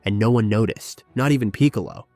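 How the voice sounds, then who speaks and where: A low-voiced man narrates an epic fan-made tale, leaning on slow, heavy pauses for drama. The recording is dry and close, with faint music underneath. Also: a little mellow, no room sound. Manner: slow, emphatic, with weighty pauses. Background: faint background music.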